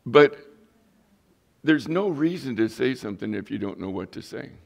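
A man's voice: mid-range voice, lively intonation, moderate pace, gravelly, darkish tone. A middle-aged man, a pastor and police chaplain, preaching a sermon in a plainspoken, earnest storytelling way.

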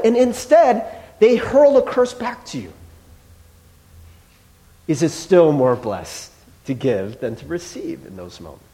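A man's voice: high-pitched, expressive, a little slow, warm tone. A man preaching a sermon as pastor, chatty and playful, acting out little dialogues with the congregation.

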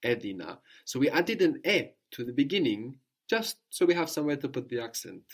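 A man's voice: on the high side, lively intonation, brisk. A man teaching a language lesson, patiently prompting with questions and repeating each answer.

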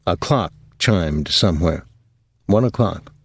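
A man narrating an audiobook in a measured, even storytelling voice. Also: sits low, breathy edge, no echo, clean studio sound. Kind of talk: scripted narration.

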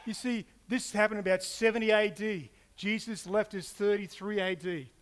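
A man preaching a sermon, telling stories in an animated way and acting out quotes with playful asides. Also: high-pitched, moderate pace, clean tone. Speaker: pastor.

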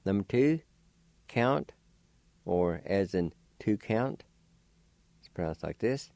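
A man's voice: fairly low pitch, expressive, takes it slowly, vocal fry, pauses often, a little mellow, no room sound. A man hosting a radio language lesson, patiently spelling and repeating words syllable by syllable.

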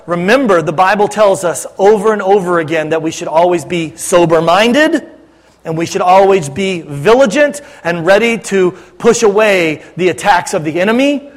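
A man's voice: sits high, normal speed, long reverb tail. A man preaching as a pastor, talking to his congregation in a conversational, joking way. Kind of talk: sermon Q&A.

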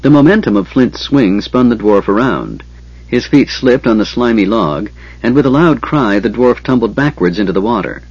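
A man narrating an audiobook with steady, measured storytelling. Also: mid-range voice, slightly rough, dry recording, muffled recording.

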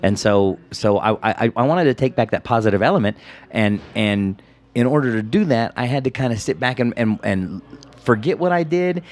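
A man talking about his comedy act in a casual interview, rambling with many restarts and repeated words. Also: moderate pace. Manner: lively pitch, jumps into high impressions. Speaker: comedian guest.

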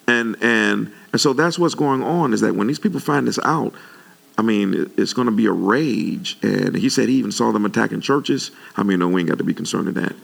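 A male pastor preaching to his congregation with a very gravelly, rough-edged voice that sits on the low side. His delivery is animated, and his pitch leaps up whenever he gets worked up. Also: fairly quick. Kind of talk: sermon.

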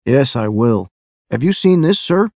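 A man's voice: mid-range voice, big pitch swings, measured pace, creaky, a little mellow, no room sound. Man reading Harold, a modest young police officer. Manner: modest, respectful.

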